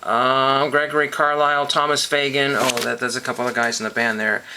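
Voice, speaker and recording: A man's voice: medium pitch, little pitch movement, brisk, bright, forceful tone, clear, resonant tone, poor audio. A man casually showing his box of records, rambling and hesitant with many ums and self-corrections. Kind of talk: casual show-and-tell monologue.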